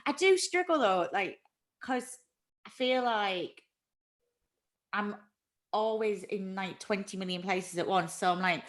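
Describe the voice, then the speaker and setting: A chatty woman hosts a casual livestream. Her voice sits at an ordinary pitch, and she talks openly and laughs often at herself. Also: expressive, unhurried, pauses often. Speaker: livestream host. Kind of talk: casual live chat.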